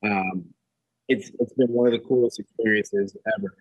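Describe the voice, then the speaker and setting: A man's voice: fairly low pitch, steady tone, normal speed, breathy edge, dry recording, muffled recording. A man talking casually as a guest, laid-back, with many fillers and restarts. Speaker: guest fighter. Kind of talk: casual chat.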